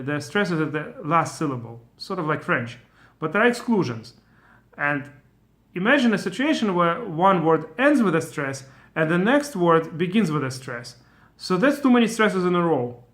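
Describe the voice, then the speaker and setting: A man explains the rhythm of scripture in a relaxed video lesson, pausing and restarting as he thinks. His voice sits a little high and sounds bright and forward. Now and then he chants a short verse to show its beat. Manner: thinks aloud with fillers and restarts. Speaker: Torah teacher.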